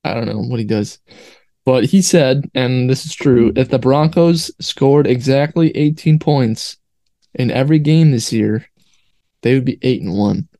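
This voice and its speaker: A young man co-hosting a casual sports podcast, easygoing and quick to laugh. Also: mid-range voice, warm tone, no echo, studio quality. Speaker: podcast co-host.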